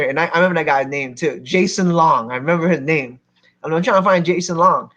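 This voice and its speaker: A man from Philadelphia telling a lively story to a seminar audience as a real estate investor, acting out the people in it. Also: a little high, brisk, highs cut off. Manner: animated, acts out other people's lines.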